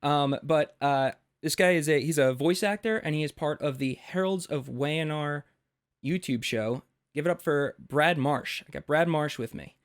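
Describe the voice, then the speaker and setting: An American man hosts a casual podcast interview. He talks in an animated, rambling way, full of fillers and restarts. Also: a little high, moderate pace, clear, resonant tone. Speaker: podcast host.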